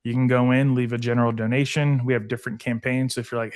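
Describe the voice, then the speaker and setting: A man's voice: medium pitch, little pitch movement, quick pace, few pauses. A man speaking as a podcast guest in casual conversation, earnest and heartfelt, with lots of "like" and "uh". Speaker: guest, veterans foundation founder.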